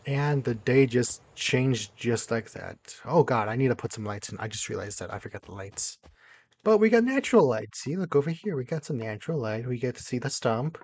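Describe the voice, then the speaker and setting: Husky young man building and exclaiming. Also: mid-range voice. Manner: excitable, talks to himself while building, jumps between mumbling and loud exclamations. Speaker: gaming YouTuber. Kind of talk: casual gameplay commentary.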